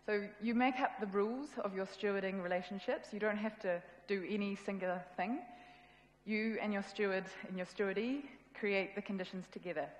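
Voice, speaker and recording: A woman's voice: medium pitch, fairly even intonation, a little fast, dull audio, a little hiss or hum. New Zealand woman in an echoey hall. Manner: casual, self-deprecating, with laughs and restarts. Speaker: conference speaker. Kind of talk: conference talk. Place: event hall. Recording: echoey hall with long reverb.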